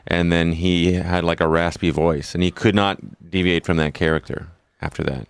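A man's voice: deep voice, little pitch movement, normal speed, gravelly, clear, resonant tone, no room sound. A man guesting on a podcast, chatting in a chipper, upbeat way and laughing easily. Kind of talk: casual comedic chat.

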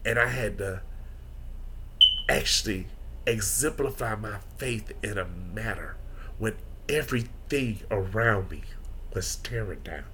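A man's voice: lowish voice, animated, unhurried, background noise. A man hosting a podcast, talking earnestly and openly about his feelings in a preacher-like personal monologue. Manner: earnest, preacher-like, emotionally open. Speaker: podcast host.

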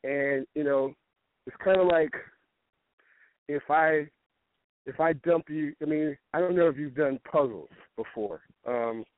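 Guy coach talkin casually, kinda high voice, stumbles and repeats words, tinny dry phone sound. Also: a little slow, long pauses, dry recording. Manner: rambling, repeats words when starting sentences; tells stories with quoted back-and-forth. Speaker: fitness coach. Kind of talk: casual podcast talk.

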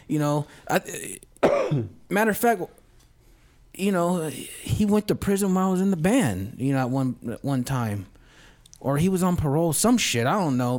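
A man's voice: fairly high pitch, animated, moderate pace, a little mellow. A man telling a rambling, profane story in a casual podcast chat, as a guest who once played in a band. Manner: profane, rambling, laid-back.

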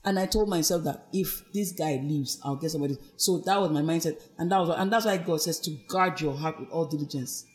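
A woman's voice: deep voice, brisk, hardly any pauses, a little mellow. A woman with a Nigerian accent, a podcast guest earnestly recounting her life and weaving in her faith. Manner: earnest, reflective storytelling with faith references. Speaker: guest, abuse survivor. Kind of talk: personal testimony in a podcast interview.

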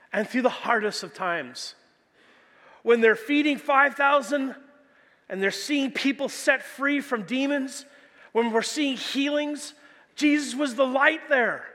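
A man's voice: very high voice, pushed and bright, in a large hall. A man preaching a sermon as pastor, telling stories animatedly with casual fillers like "like" and "you know.". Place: church hall.

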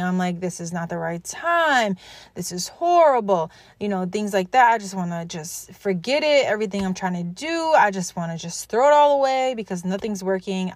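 A woman's voice: mid-range voice, no room sound. Woman, motivational podcast host, earnest, encouraging, talks straight to listeners, dry close sound.

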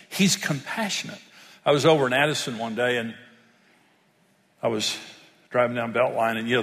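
A man's voice: mid-range voice, a bit bright, long reverb tail. An older man, preaching a sermon and telling stories in an earnest manner. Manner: storytelling, earnest, rises when stressing points. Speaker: pastor.

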